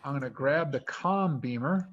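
A man talking through his moves as he explains a board game, thinking out loud in a casual way. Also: mid-range voice, expressive, moderate pace. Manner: chatty, thinks aloud while moving pieces. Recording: dull lo-fi recording with faint hiss.

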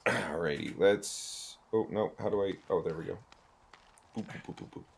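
A man's voice: deep voice, normal speed, vocal fry, a little hiss or hum. A male streamer giving chatty, jokey gameplay commentary while thinking aloud.

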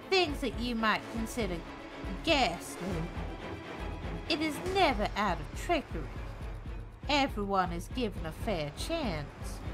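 Woman playing a pompous, ominous gentleman. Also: medium pitch. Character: formal, lawful man serving a dark king.

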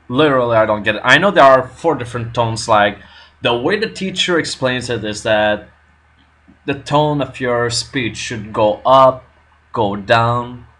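A man working through a language lesson on his own, nervous and unsure of himself, pausing often with fillers. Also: medium pitch, a bit bright. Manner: nervous, self-doubting, halting with fillers. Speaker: language learner vlogger. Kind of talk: casual self-recorded lesson commentary.

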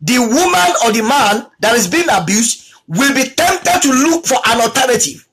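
A preacher giving a talk on abuse in marriage, repeating key lines for emphasis and acting out quoted spouses in a lower voice. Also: very animated, normal speed, fairly bright tone, a little hiss or hum, poor audio. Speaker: teacher on marriage.

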